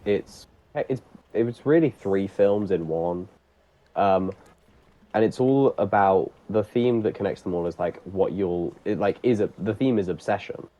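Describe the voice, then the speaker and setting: A man in casual chat on a stream, speaking hesitantly and haltingly. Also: sits low, mellow, muffled recording. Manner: hesitant, halting with many ums and restarts.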